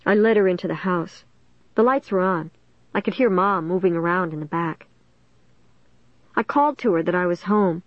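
A woman reading a first-person story aloud in a plain, steady storytelling manner. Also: lowish voice, moderate pace, pauses often, no room sound, muffled recording. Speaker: audiobook narrator.

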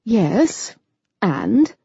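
A woman narrator voicing a gentle, loving elderly grandmother who speaks in a soothing, patient way. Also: medium pitch, very animated, very slow, gravelly, slightly rough, dry recording, dull audio, heavily acted.

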